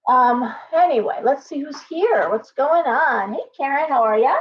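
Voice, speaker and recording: A woman's voice: sits high, expressive, normal speed, hardly any pauses. A middle-aged woman hosting a casual live stream, chatty and rambling, poking fun at herself. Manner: chatty, rambling, self-deprecating. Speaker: livestream host. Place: home shop with pets. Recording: dull lo-fi stream audio with faint noise.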